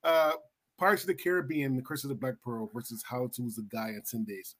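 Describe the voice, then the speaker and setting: A man hosts a casual podcast, his husky voice sitting at a middle pitch. He talks loosely and bluntly, swearing and laughing as he runs the show. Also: fairly quick. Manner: animated, swearing, laughing often. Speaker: podcast host.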